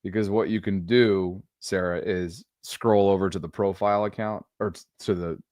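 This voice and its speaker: A middle-aged man co-hosting a podcast, chatting casually with a playful, drawn-out joking delivery. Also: low voice, steady tone, darkish tone, dry recording, studio quality. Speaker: podcast co-host. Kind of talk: casual chat.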